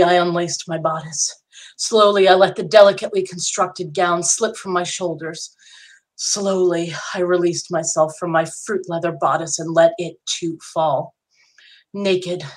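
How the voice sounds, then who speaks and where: A woman with a slightly low voice tells a first-person fantasy tale. Her reading is intimate and dramatic, at times sinking almost to a whisper. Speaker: narrator. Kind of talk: first-person story narration.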